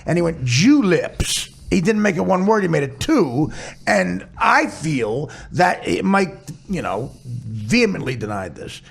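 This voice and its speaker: A man's voice: fairly high pitch, very animated, vocal fry, breathy edge. A man hosting a podcast with casual, teasing comedic chat. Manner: teasing, quick to mock. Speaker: podcast host.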